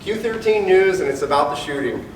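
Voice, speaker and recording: Expressive and fairly quick, this high-voiced police officer gives an audience his candid personal testimony, impersonating the people he quotes. The mic sits far from him in an echoey hall, picking up faint ambience and slight background noise.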